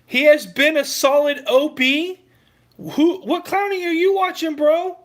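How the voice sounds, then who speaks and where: A man tears into his critics in a heated, profane sports rant. His voice sits high for a man. He snaps back at his commenters and refuses to give ground. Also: measured pace.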